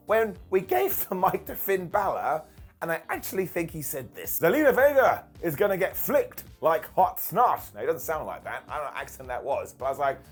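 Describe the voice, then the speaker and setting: A British man casually reviewing a wrestling show as its regular host, joking and putting on quick mock voices. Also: a little high, slightly rough. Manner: animated, jokey, mock voices for quotes.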